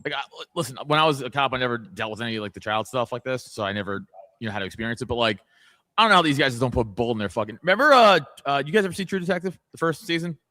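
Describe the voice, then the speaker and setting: A man's voice: medium pitch, animated, pushed and bright, no room sound. A man, a former police officer co-hosting a casual podcast, talking profanely and laughing as he tells stories. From New York City. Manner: fast, profane, laughing storyteller.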